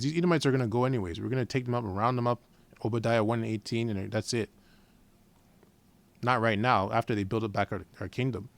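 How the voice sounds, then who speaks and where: A man at a mid-range pitch, teaching scripture in a loose, informal preaching style. He talks bluntly and swears freely, hammering his points with heat. The recording is dry, with no room sound. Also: no room sound. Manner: blunt and profane, heated emphasis; reads scripture slowly and deliberately.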